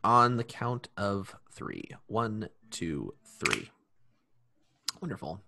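Male podcast host, animated intonation, playful and loose. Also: lowish voice, slow pace, gravelly, background noise. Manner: playful, leads the banter. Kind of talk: casual chat. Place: recording studio.

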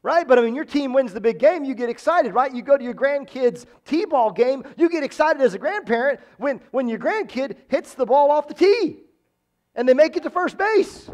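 A man with a strikingly high voice preaches a sermon as pastor. He talks emphatically, circling back to the same phrases to drive each point home. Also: expressive, normal speed, darkish tone. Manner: emphatic, repeats phrases for stress. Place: church.

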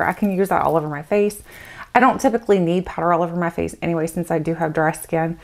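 Chatty lady doing a skincare sample review, kinda low voice, lots of "like". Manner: chatty, candid, frequent "like" fillers. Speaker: beauty vlogger reviewing samples. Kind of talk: casual product review.

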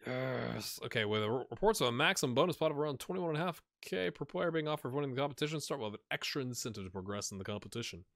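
A man commentates his game in a relaxed let's-play chat, thinking out loud and getting excitable over good results. His voice is bright and forward, recorded close and dry on a desk mic at home. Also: mid-range voice, very fast, hardly any pauses, no room sound. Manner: chatty, thinking aloud, excitable. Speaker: gaming channel host.

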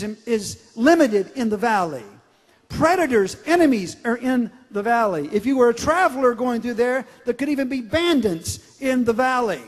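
A male pastor preaching a sermon in a large church, drawing out scripture lines with emphasis and frequent restarts. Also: very high-pitched. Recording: reverberant church hall.

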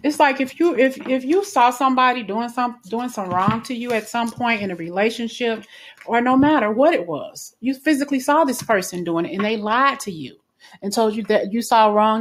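A woman's voice: a little high, expressive, normal speed, a little hiss or hum. A woman giving a casual spoken tarot reading in a chatty, reassuring way, with frequent fillers and restarts. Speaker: tarot reader.

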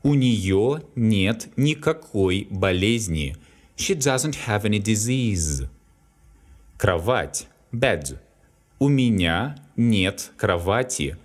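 Slow Russian-accented man teaching vocabulary. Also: lowish voice, expressive. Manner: reads each word, then an example sentence, then its translation. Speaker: Russian language tutor. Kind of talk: slow, deliberate language lesson.

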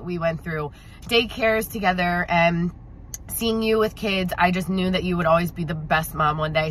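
A woman's voice: lowish voice, bright, forceful tone, slight background noise, poor audio. A woman recording a heartfelt video message for a friend, emotional and gushing, often repeating herself.

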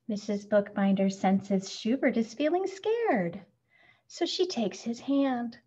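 A woman reading a children's picture book aloud, slow and lively in pitch. Her voice is breathy, a little higher than most. The recording is muffled and lo-fi. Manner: expressive, acts out sound words. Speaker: storybook reader.

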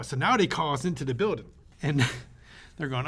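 A man co-hosting a podcast, telling a story in casual chat with an animated manner, swearing freely and acting out the voices of the people he quotes. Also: mid-range voice, a little fast, long pauses. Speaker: podcast co-host.

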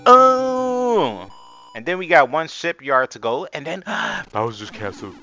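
Excitable young man with a lively voice. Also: mid-range voice, moderate pace, gravelly, highs cut off, faint music behind. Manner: excitable, chatty, talks to viewers as y'all, swears. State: hoarse from screaming. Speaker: gaming channel host. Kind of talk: live gameplay commentary.

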